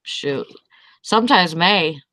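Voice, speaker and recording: A woman's voice: fairly low pitch, lively intonation, slow, bright, forceful tone, no room sound. A woman on a group video call, chatting casually and easygoing, laughing often. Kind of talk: casual chat.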